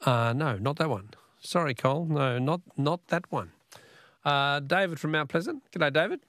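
A man with an Australian accent hosting a talkback radio quiz, chatty and quick to laugh. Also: fairly high pitch, lively intonation, fairly bright tone, no room sound, studio quality.

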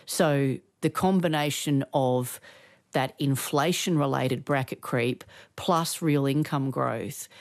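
A woman economist speaking as a radio guest, steady and analytical. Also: extremely low pitch, no room sound, studio quality. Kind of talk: radio interview.

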